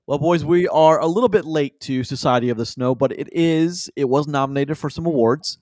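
A man's voice: a little high, fairly quick, a little mellow, no room sound. Rambling male podcast host, dry sound. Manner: rambling, stumbles over names, frequent laughs. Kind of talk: casual movie podcast chat.

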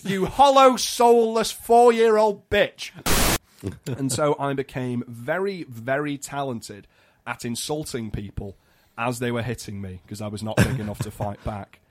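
A man co-hosting a podcast, from northern England, telling funny stories in an animated, mock-ranting way. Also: medium pitch, moderate pace, noisy background. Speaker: podcast co-host. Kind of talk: casual comedic chat.

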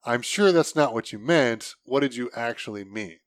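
A man's voice: mid-range voice, lively intonation, normal speed, dry recording. A man in casual conversation, blunt and opinionated, swearing freely as he argues his points. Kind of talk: casual podcast chat.

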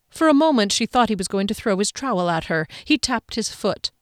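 An audiobook narrator reads a novel as scripted narration, her mid-range voice even and measured. The recording is dry, with clean studio sound.

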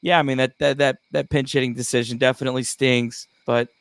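Even-toned man talking baseball. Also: mid-range voice, gravelly, clear, resonant tone, dry recording, studio quality. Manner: measured, agreeable, with frequent restarts. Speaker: co-host. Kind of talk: casual sports podcast chat.

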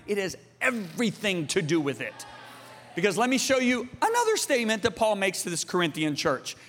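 A man's voice: high-pitched, big pitch swings, fairly quick, a bit bright. A man preaching a sermon to a congregation, telling a story with passion and calling on the listeners to respond. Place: church hall with congregation. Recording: long reverb of a large hall.

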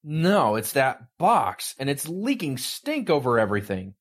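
A man voicing a furious, blustering boss who snaps and shouts his lines. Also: fairly high pitch, very animated, fairly quick, breathy edge, pitched above the performer's own voice. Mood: outraged. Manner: shouting, snapping. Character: furious, blustering middle-aged male boss.

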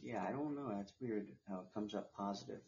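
A woman's voice: rumbling low, fairly quick, mellow, a little hiss or hum. A woman co-hosting a podcast in casual chat, laid-back, giving short replies that trail off. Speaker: podcast co-host. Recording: roomy, dull lo-fi sound.

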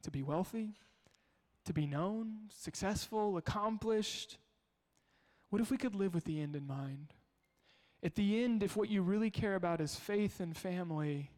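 A man's voice: high-pitched, a little mellow. A male pastor preaching a sermon, telling family stories in a conversational way and asking the congregation rhetorical questions. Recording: long hall reverb.

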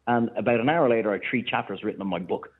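An Irish man, a chef and restaurateur, telling animated anecdotes in casual chat. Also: mid-range voice, breathy edge. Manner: animated anecdotes, quick bursts of laughter. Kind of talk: casual storytelling on a phone-in. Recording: tinny phone line.

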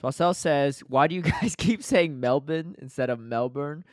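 A man's voice: on the high side, normal speed, no room sound, studio quality. A man co-hosting a casual podcast, reading chat comments aloud and chatting with lots of fillers. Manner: animated, filler-heavy, explains things at length. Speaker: podcast co-host.

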